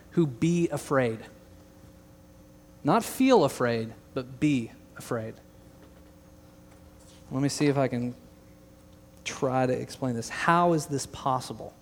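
A young man serving as pastor preaches a sermon in a large church hall, earnest and emphatic, adding joking asides for the congregation. His voice is a little high and a little mellow, with long hall reverb on the recording.

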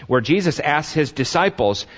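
Earnest pastor preaching, dull lo-fi sound. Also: male voice, a little high, lively intonation. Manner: earnest, halting with many fillers, rising to emphatic questions. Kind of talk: sermon.

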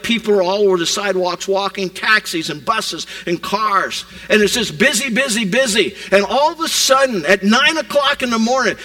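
A man preaching a sermon, retelling scripture as a vivid modern scene, rising loud and dropping to a hush. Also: sits high, low-quality recording. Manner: animated storytelling preacher, swings from loud to hushed. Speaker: pastor.

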